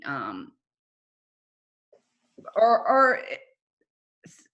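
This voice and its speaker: A woman with a somewhat low voice, co-hosting a casual chat. She speaks bluntly and gets straight to the point. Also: big pitch swings, slow pace, long pauses, a bit bright, lo-fi sound. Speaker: podcast co-host.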